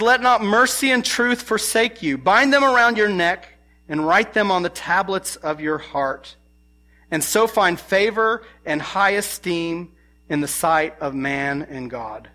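Man, sermon, earnest preaching, fairly high voice, bright and forceful. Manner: earnest, asks the congregation questions.

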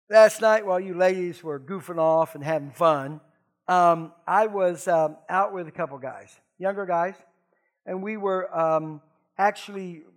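A middle-aged man preaching a conversational sermon in a folksy, joking way with animated asides. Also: sits high. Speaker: pastor.

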